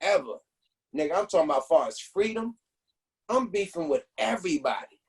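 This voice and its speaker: A man with a high, husky voice tells profane, emphatic stories in a casual chat. His pitch swings widely as he drives his points home. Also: big pitch swings, brisk. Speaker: interview guest telling stories.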